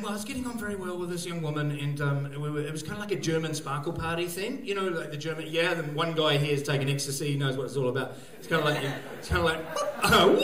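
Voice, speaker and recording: High-voiced rambling New Zealand comedian. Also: male voice, reverberant, far from the mic. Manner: rambling, loose delivery with frequent fillers and bursts of shouting. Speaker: stand-up comedian. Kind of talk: stand-up comedy set. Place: live venue stage.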